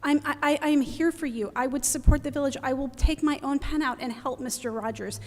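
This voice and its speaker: A woman's voice: sits high, a little fast, a little mellow. A middle-aged woman giving an impassioned public comment at a council meeting, pleading and close to tears. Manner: pleading, emotional, urgent. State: near tears. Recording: reverberant hall.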